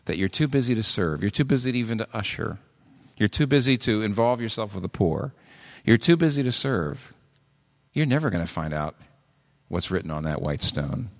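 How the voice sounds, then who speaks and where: A man preaching a sermon, animated and full of rhetorical questions. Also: fairly low pitch, in a large hall. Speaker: pastor.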